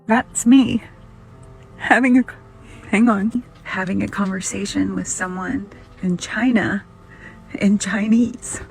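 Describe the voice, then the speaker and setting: A woman's voice: medium pitch, steady tone, slow pace, vocal fry, long pauses, soft background music, low-quality recording. A woman talking emotionally to camera, sometimes dropping to a whisper. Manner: emotional, breathless, drops to whispers. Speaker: social media creator. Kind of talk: emotional casual talk to camera.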